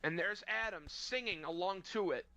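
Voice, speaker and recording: A man's voice: high-pitched, normal speed, bright, forceful tone. A man telling a rambling, crude, mock-sentimental story in casual chat with friends. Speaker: podcast co-host telling a story.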